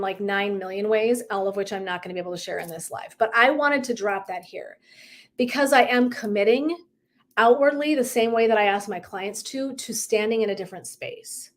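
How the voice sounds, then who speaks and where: A woman's voice: a little high, normal speed. A middle-aged woman wellness coach talking candidly in a casual live stream, swearing and laughing as she acts out her own thoughts.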